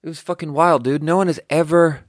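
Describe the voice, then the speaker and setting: A man's voice: a little high, fairly even intonation, brisk, dry recording, studio quality. A young man hosting a podcast, talking in a meandering, self-interrupting way with casual swearing. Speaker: podcast host. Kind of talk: rambling casual monologue.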